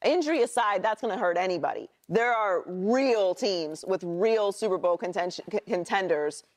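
A woman's voice: medium pitch, animated, moderate pace. Assured woman sports analyst. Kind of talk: sports debate show.

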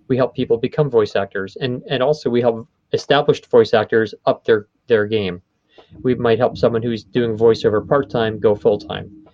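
A man's voice: medium pitch, fairly even intonation, normal speed, no echo, highs cut off. A man who runs a voice studio, explaining his field in a conversational interview, often stopping to rephrase. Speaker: voice studio owner.

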